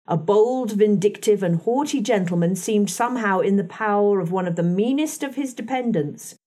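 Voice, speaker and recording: A woman narrates a classic novel in the first person. Her pitch is mid-range, and her reading is measured and expressive. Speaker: audiobook narrator.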